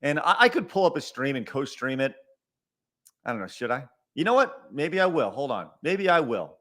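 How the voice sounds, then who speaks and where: On his live stream, a middle-aged man who hosts a podcast reads out super chats and rants, exasperated and swearing, with lots of repetition, stumbling, stuttering and restarts. The voice is on the high side and sing-song, at a moderate pace with a fairly bright tone.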